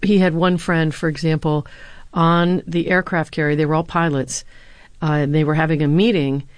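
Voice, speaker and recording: A woman's voice: low-pitched, level tone, moderate pace, no echo. A woman, a former speechwriter and university lecturer, answering interview questions with earnest anecdotes and the odd filler.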